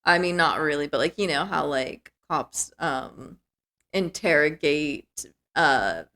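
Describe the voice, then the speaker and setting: A woman's voice: low voice, lively intonation, slow pace, fairly bright tone. A young woman co-hosting a movie podcast, talking casually and chattily with lots of fillers. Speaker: podcast co-host. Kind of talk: casual movie review chat.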